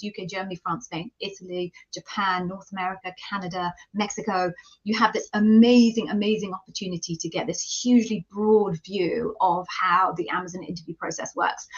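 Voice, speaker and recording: A middle-aged British woman hosts a live stream, greeting viewers by name in a chatty, self-deprecating way. Her voice is bright and forceful, at an ordinary pitch for a woman. The sound is a little dull and lo-fi. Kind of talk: casual live-stream chat and self-introduction.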